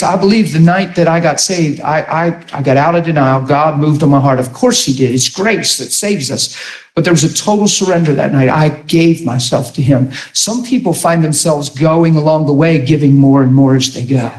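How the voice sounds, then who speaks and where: A man preaching in a conversational sermon, earnest and rambling, laughing often as he tells stories. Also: on the high side. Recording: echoey room.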